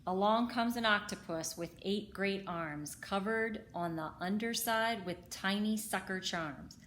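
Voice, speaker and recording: A woman reads a rhyming children's book aloud, slow and rhythmic. Her voice sits at a middle pitch. Faint noise hums behind her. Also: a bit bright. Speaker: storybook reader.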